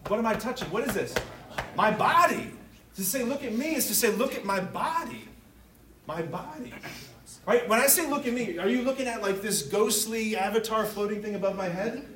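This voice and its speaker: A priest giving a lively, joking talk to teenagers in a room, often stopping to ask the audience questions. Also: male voice, high-pitched, normal speed. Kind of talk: interactive talk to teens. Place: room with a live youth audience.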